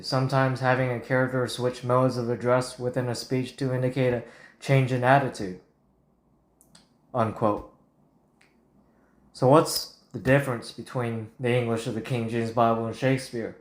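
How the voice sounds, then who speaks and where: A man's voice: medium pitch, little pitch movement, normal speed. A man reading a prepared talk aloud as a Bible teacher, in a blunt and combative way. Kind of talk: scripted talk on Bible versions. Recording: roomy echo.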